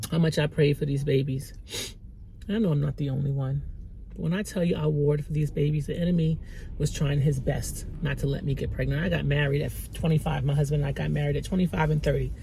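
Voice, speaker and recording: Middle-aged woman with vocal fry. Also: low-pitched, dark tone, a little hiss or hum. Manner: candid, rambling, emotional, repeats herself. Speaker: Christian motivational vlogger. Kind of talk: heartfelt personal vlog.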